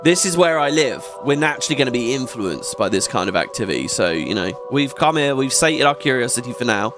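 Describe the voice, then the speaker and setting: A man giving casual gameplay commentary as a let's play host, chatty and excitable, swearing often. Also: medium pitch, brisk. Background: game music.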